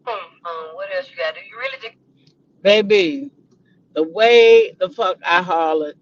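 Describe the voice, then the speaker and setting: A woman's voice: fairly low pitch, a little slow, muffled recording. A woman hosting a casual gossip vlog, laughing a lot and cursing freely as she talks. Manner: laughing, profane, excitable. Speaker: host.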